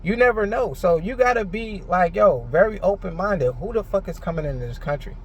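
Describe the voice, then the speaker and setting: Here a man vents to the camera in an unscripted, rambling tirade, swearing and leaning on filler words out of frustration. His voice sits high and sounds animated, slightly quick, with a breathy edge. He's a vlogger.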